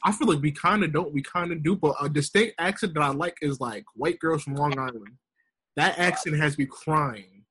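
A man's voice: fairly high pitch, moderate pace, slightly rough. A young man chatting casually, telling stories and acting out other people's voices. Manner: animated storyteller, acts out voices. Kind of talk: casual chat.

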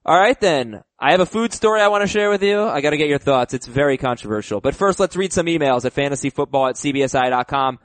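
A man's voice: fairly high pitch, lively intonation, fast, hardly any pauses, no echo. A man hosting a casual sports podcast, upbeat and reading listener emails aloud. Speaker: podcast host.

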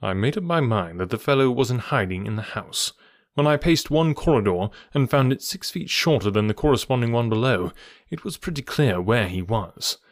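A man voicing a composed, clever Victorian detective with a measured, dryly amused delivery in an audiobook. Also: medium pitch, expressive, dry recording, clean studio sound, lightly acted.

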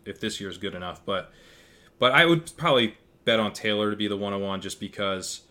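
Bright-toned man musing on drafts. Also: fairly low pitch, brisk. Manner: thinking aloud with frequent restarts. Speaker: guest fantasy football analyst. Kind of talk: casual podcast discussion.

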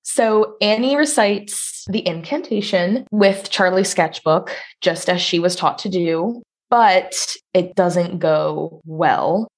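A woman co-hosting a podcast, recapping a horror film in quick, casual chat with bursts of swearing. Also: on the low side. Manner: fast, swearing, excitable. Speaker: podcast co-host.

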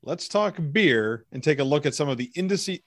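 Laughing podcast host, dry close mic. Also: male voice, on the high side, animated, moderate pace, fairly bright tone, no echo. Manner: joking, laughs often. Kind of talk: casual chat.

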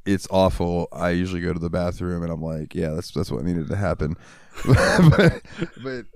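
A man's voice: low-pitched, moderate pace, a little mellow, no echo, studio quality. A man co-hosting a podcast, laid-back and crude, laughing easily as he tells stories. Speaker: podcast co-host. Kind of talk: casual chat.

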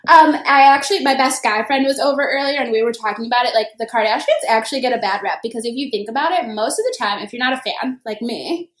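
Chatty high-voiced young woman, echoey room. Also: quick pace, hardly any pauses. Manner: animated, acts out quotes with bursts of higher pitch; swears freely. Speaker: podcast co-host. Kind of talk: casual gossip chat.

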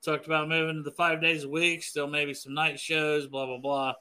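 Brief: male podcast host, candid casual chat, very bright voice, a touch high. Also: little pitch movement, clean tone. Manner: candid, swearing, quick to laugh.

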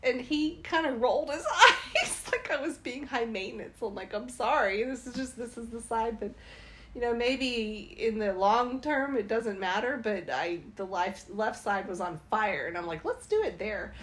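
A woman casually telling a travel story, animated and laughing as she goes. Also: a little high, normal speed. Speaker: travel vlogger.

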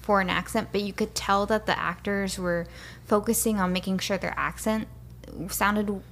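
A woman's voice: mid-range voice, steady tone, normal speed, a bit bright, slight background noise. A woman with a Southern US accent, a guest on a casual podcast, blunt and opinionated. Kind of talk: casual chat.

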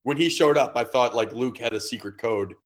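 A man's voice: mid-range voice, a little fast. A man in casual podcast chat, laid-back and rambling. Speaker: podcast guest.

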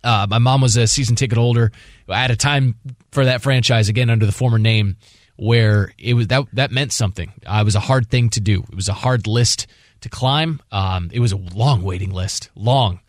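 A man's voice: on the low side, normal speed, no room sound, clean studio sound. A man hosting a sports radio show, talking passionately and rambling with restarts. He grew up in the Washington D.C. area. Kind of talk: casual sports talk.

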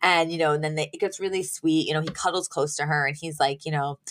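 A woman's voice: low voice, fairly even intonation, fast talker. A woman co-hosting a podcast, chatting casually as she retells TV scenes, acting out lines and laughing often. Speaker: podcast co-host. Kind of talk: casual chat recapping a TV episode.

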